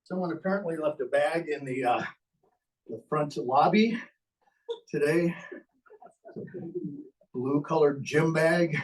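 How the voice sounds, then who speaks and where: Male ventriloquist: slow, joking stage patter, winded; distant stage mic, faint noise. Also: fairly high pitch. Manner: chatty, joking asides. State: out of breath. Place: stage in a senior community hall.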